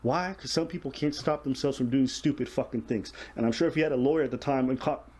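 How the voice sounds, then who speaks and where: A man's voice: mid-range voice, quick pace, darkish tone, husky. A man hosting a casual reaction show, explaining the news bluntly with profanity.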